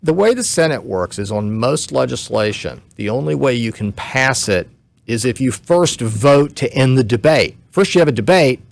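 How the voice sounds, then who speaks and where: A man with a gravelly, creaky voice at an ordinary pitch lays out legal points carefully and step by step. He sounds like a guest on a talk radio show who is short on sleep, and he sometimes backs up and restarts a phrase. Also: animated. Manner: measured, explains step by step, some restarts.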